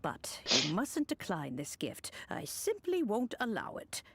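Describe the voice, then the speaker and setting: An actress playing a kindly, ancient grandmotherly woman in a game, speaking softly, formally and dotingly to a child. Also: medium pitch, wildly swooping pitch, a little hiss or hum, heavily acted. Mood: gently formal. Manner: soft, unhurried, formal and doting. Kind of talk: game character dialogue. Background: game music.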